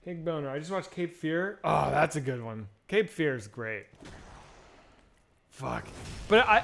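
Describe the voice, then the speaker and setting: Here a man with a voice on the high side banters casually with viewers during a game stream, rambling and swearing and frequently starting over mid-thought. The recording carries a little hiss or hum.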